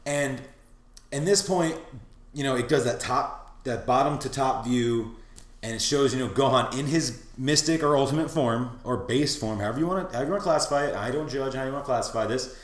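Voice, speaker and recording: A man's voice: mid-range voice, brisk, echoey room. A man casually recapping an anime episode, rambling with many restarts and acting out character lines in funny voices. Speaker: anime reviewer.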